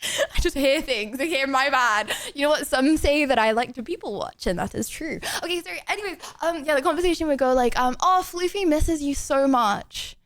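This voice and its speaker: High-pitched girl rambling on stream, lots of giggles, dry close mic. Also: expressive, a bit bright, no room sound. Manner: giggly, rambling, talks fast. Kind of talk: casual live-stream chat.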